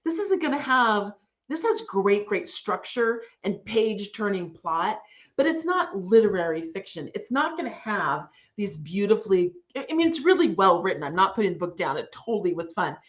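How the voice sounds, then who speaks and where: A woman with a mid-range, very animated voice gives a casual online writing lesson to parents at a normal speed. She's chatty and enthusiastic with frequent fillers, and the recording sounds dull and lo-fi.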